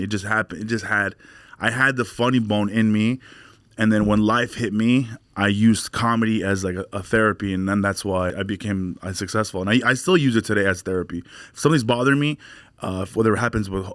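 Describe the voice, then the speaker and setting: A man's voice: brisk, dry recording. A comedian in his forties from California, telling stories in a casual interview and acting out other people's lines. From Glendale, California. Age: 40s. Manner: animated storyteller, acts out quotes in higher voice. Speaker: stand-up comedian guest.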